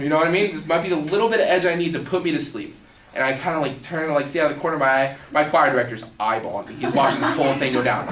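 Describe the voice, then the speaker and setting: A young man telling a personal story in a casual, animated way, full of fillers. He is heard through a distant mic in a storytelling event room. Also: fairly high pitch, fast talker, a crowd in the background. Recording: echoey room, distant mic, faint ambience.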